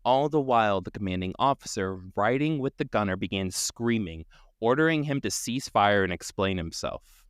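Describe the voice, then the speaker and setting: A man's voice: fairly low pitch, animated, normal speed, clear, resonant tone, dry recording, clean studio sound. A man hosting a podcast, telling a story dramatically, swearing casually and laughing often.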